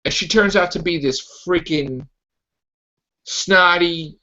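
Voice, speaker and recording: A man's voice: high voice, takes it slowly, pushed and bright. A man hosting a podcast, ranting casually and animatedly, laughing and stumbling over restarts. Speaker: podcast host. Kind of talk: casual comic-book rant. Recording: lo-fi, muffled.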